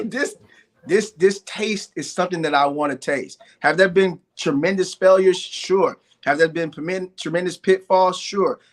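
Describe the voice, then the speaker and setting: With a voice that sits high and has a fairly bright tone, a middle-aged man tells his life story as a guest entrepreneur on a live interview. He's earnest throughout, circling back to the same phrases and stacking hardship upon hardship.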